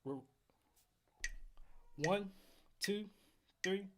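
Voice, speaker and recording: A man hosting a casual livestream trumpet lesson from home, counting in exercises and chatting with viewers in a relaxed way. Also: high-pitched, drawn-out words, slight background noise. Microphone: headphones while streaming.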